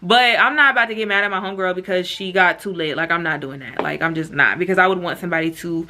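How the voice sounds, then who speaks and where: A young woman telling a storytime vlog in casual, slangy chat, with quick asides to her viewers. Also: fairly low pitch, bright, forceful tone, a little hiss or hum. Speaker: vlogger.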